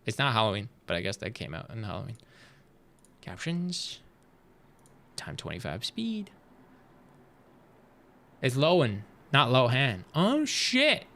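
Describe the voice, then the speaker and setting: A male streamer chatting with viewers while he reacts to videos. His voice sits a little high and has a gravelly fry in it. The pitch swings widely, and he curses freely along the way. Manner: animated, chatty, swears freely. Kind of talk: casual chat reacting to videos.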